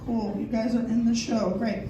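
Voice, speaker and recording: A woman in her thirties doing a crude, animated stand-up comedy set on a comedy theater stage, acting out scenes in shouted voices. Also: on the high side, moderate pace, crowd noise. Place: comedy theater stage before a laughing audience. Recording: distant, echoey club recording with audience noise.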